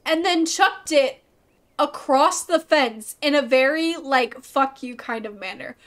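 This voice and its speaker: A woman's voice: high-pitched, a little slow, a bit bright. A woman streaming a video game, chatting playfully with viewers in a bubbly, casual way with some swearing. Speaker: gaming streamer. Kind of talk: let's play commentary.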